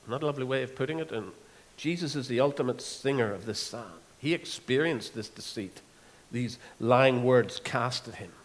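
A man preaching an expository sermon, earnest and unhurried, often pausing with fillers as he reads scripture. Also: medium pitch, long reverb tail. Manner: earnest, with many pauses and fillers.

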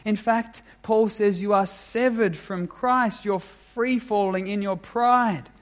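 Pastor guy preaching slow and deliberate, kinda high voice, leans hard on key words. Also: fairly even intonation. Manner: measured, emphatic preaching with deliberate pauses. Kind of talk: sermon.

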